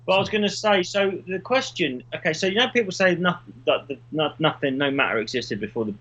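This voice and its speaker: A man's voice: a little high, animated, brisk, a bit bright, muffled recording. A man, co-hosting a podcast in casual chat, rambling through stories and swearing freely. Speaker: podcast co-host.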